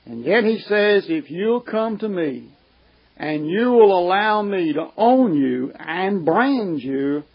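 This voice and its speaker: A man preaching a sermon, slow and emphatic, asking his listeners questions. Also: a little high, breathy edge. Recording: dull, lo-fi recording.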